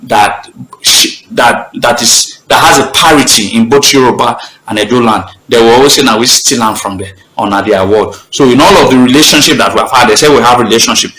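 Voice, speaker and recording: A Nigerian man with an Edo accent, middle-aged, speaks at an ordinary pitch for a man. He hosts a heated talk show. His delivery is forceful and emphatic, and he cuts across his own sentences. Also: fairly quick, roomy sound, low-quality recording. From Nigeria, Benin. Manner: emphatic, impassioned, talks over himself. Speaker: host.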